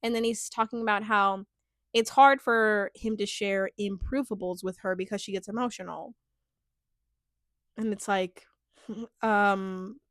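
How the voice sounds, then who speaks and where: This young woman's vlog is a relaxed reaction chat about a reality show, full of fillers and frequent laughter. Her medium-pitched, slightly bright voice stays fairly even, unhurried, with many pauses. It's studio quality with no echo.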